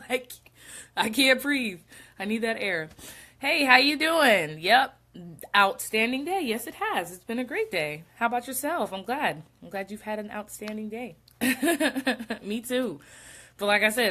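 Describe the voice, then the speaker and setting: A woman's voice: fairly high pitch, sharp tone. Chatty congested woman hosting a livestream. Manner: chatty, greets viewers mid-sentence. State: congested and short of breath. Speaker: host of a real estate livestream. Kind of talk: casual live-stream talk.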